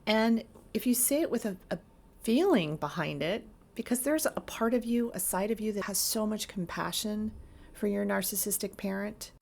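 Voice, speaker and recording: A woman's voice: medium pitch, normal speed, vocal fry, darkish tone. A woman therapist giving earnest, emphatic advice straight to camera, stacking up lists to make her points. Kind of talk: direct-to-camera advice talk.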